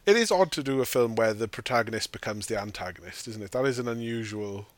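A man's voice: lowish voice, animated, fast talker, no echo. A man chatting casually about a film, swearing often and laughing as he mocks the characters. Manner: swears freely, mocks characters in put-on quotes, laughs while talking. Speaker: podcast host. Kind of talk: casual film review chat.

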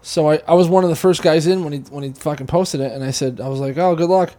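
A man's voice: on the high side, fast, dark tone. A man hosting a podcast, telling a long, profane, rambling story in casual chat. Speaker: podcast host.

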